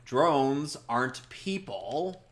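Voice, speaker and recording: A man chats through a video game playthrough in a casual, wry way. His humor runs sarcastic and dry, and his voice sits at an ordinary middle pitch. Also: sing-song, extremely slow, a bit bright. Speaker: gameplay commentator. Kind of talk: casual let's-play chat.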